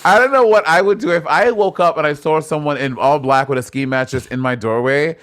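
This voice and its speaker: A man co-hosting a podcast, playful in banter and loud when he announces a guest like a hype man. His voice sits a bit high. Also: brisk. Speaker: podcast co-host. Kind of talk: casual chat.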